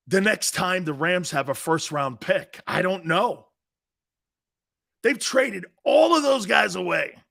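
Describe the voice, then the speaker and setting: A brash sports talk host launches into a loud, mocking rant. For a man his voice is high, with a bright, cutting edge.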